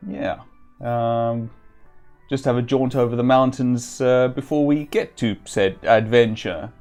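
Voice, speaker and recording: Slightly sick guy streaming an old rpg, chatty, reads the text out loud, mid voice. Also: mid-range voice, steady tone, measured pace, faint music behind. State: slightly ill, occasional throat clearing. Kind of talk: casual let's-play commentary.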